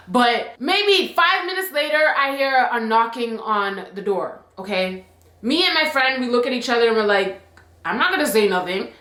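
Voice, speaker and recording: A young woman telling a personal story on her vlog, animated and emphatic, often adding "like" and "okay?", in an echoey room. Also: on the high side. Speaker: YouTube storyteller.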